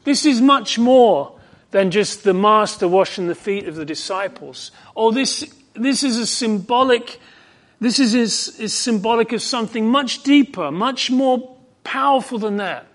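High-voiced fervent male preacher. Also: animated, a little slow. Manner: fervent, emphatic, swings from hushed to ringing. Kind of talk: expository sermon.

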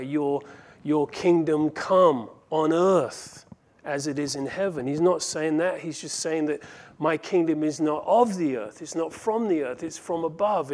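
A man teaching a Bible passage verse by verse, in an earnest way that slows down to stress key phrases. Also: fairly high pitch, a little mellow. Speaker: pastor.

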